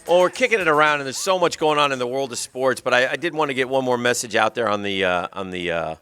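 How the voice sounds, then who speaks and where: A male sports radio host with a slight Southern US accent, rambling in loose banter and sinking into a low mutter. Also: fast, bright, forceful tone, smooth, no echo, faint music behind. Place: radio studio. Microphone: studio microphone.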